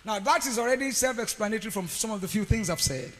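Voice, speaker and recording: A man preaching a sermon, telling a story with sudden shouts and quiet asides. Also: sits high, fast, big-room sound, slight background noise, low-quality recording. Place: conference hall.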